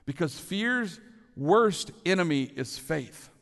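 A man preaching a sermon as pastor, earnest, often dropping to soft low tones for emphasis. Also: expressive, slow, vocal fry. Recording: long reverb of a large hall.

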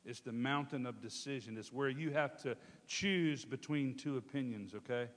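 A man preaching a storytelling sermon, animated and calling out to his congregation. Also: medium pitch, moderate pace. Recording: long hall reverb.

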